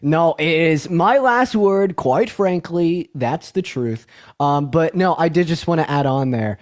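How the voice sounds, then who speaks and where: A man's voice: fairly high pitch, animated, measured pace. A man hosting a stream debate, mocking and sarcastic toward his opponent. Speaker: stream host. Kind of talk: heated online debate.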